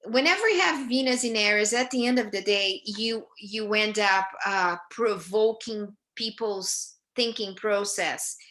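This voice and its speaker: A woman teaching astrology to a group, talking with many fillers, pauses and restarts. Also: mid-range voice, fairly bright tone. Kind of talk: live group talk on astrology. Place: United States.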